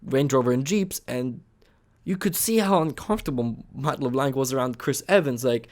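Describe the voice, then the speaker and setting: A young man talking at an ordinary mid pitch in an unscripted vlog rant. He drifts from low, quiet mumbling into sudden loud, shouted outbursts and back again. The delivery is loose and full of restarts and swearing. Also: moderate pace. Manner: animated, swings between calm talk and loud yelling bursts, swears. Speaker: vlogger reviewing a TV show. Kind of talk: casual opinion rant.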